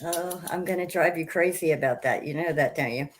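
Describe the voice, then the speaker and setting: A woman's voice: sits low, brisk, noisy background. Effusive woman podcast host. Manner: effusive, animated storyteller. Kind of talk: casual interview chat.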